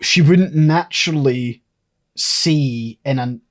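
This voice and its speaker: A man's voice: medium pitch, takes it slowly. A man co-hosting a podcast who thinks aloud and lays out his theories at length in a casual chat. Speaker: podcast co-host.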